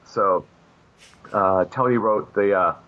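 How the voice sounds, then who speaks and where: A man with a fairly low voice tells long, meandering anecdotes as a guest in a casual interview. He leans on fillers and restarts as he goes. The recording is dull and muffled. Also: slow. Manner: rambling anecdotes with many fillers. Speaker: comic book artist guest. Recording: muffled lo-fi audio.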